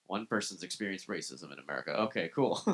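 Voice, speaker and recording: A man on a comedy club stage, talking into a handheld mic. His voice sits on the low side, and he talks in a casual, self-deprecating way and swears freely. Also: big pitch swings, a little fast, a bit bright. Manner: self-deprecating, profane, conversational. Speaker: stand-up comedian. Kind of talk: live stand-up set.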